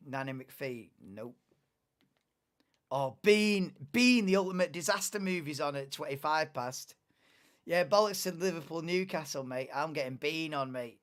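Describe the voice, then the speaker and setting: A young man talks loosely through a live stream, drifting into low mutters and casual swearing. His voice sits a touch higher than most men's. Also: normal speed, a bit bright. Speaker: live watchalong host. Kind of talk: casual live commentary, chatting with chat.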